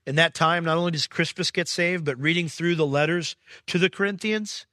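A man preaching a sermon as pastor, reading scripture and paraphrasing it in casual slang, swinging from excited peaks to low, quiet stretches. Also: fairly quick, no room sound, clean studio sound. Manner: emphatic, rising to excited peaks then dropping low.

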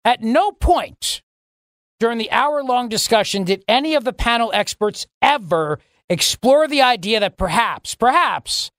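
A man's voice: very high voice, expressive, moderate pace, fairly bright tone, dry recording, studio quality. A man hosting a talk radio show, delivering a sarcastic, opinionated monologue and acting out mock dialogues.

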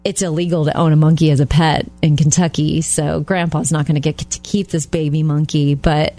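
A woman co-hosting a chatty show, telling stories in a lively, animated way. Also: sits low, brisk, soft background music. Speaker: radio co-host. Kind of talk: casual chat.

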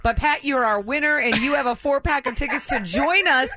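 A woman co-hosting a morning radio game show, chirpy and brisk. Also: sits high, pushed and bright, dry recording, clean studio sound. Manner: chirpy, brisk, laughing along. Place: radio studio.

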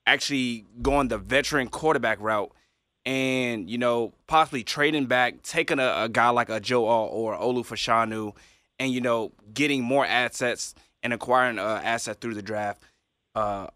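A man's voice: medium pitch, bright, forceful tone, no room sound, studio quality. A man working as radio producer, asking a hesitant question full of fillers. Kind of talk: radio talk show.

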